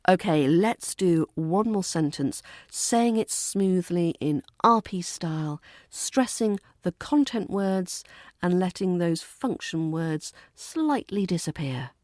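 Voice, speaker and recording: British rp lady teaching pronunciation, slow and careful, voice swoops up and down a lot. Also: lowish voice, animated, darkish tone, dry recording, clean studio sound. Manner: slow, deliberate, modelling example sentences aloud. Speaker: accent coach. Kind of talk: pronunciation lesson.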